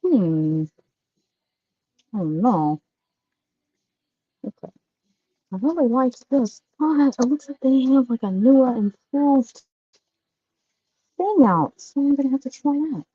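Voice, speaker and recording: A woman's voice: high voice, animated, slow, long pauses, breathy edge, no room sound, muffled recording. A woman vlogging casually while she shops in a store, chatty and rambling with folksy sayings. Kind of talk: casual shopping vlog.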